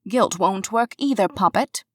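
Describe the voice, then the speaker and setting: Casting: woman reader doing a drained, stubborn sick woman, slow and dryly teasing, mid-pitched, in a dry booth. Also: steady tone, fairly bright tone, no room sound, close to an everyday voice. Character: sick tired young woman, wry and stubborn.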